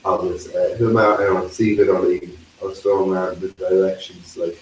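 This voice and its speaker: Deep-voiced young Irish man mumbling in a roomy space. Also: flat delivery, a little mellow. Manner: halting, many fillers and restarts. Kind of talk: casual chat mixing Irish and English. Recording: echoey room, mic far off, faint hiss.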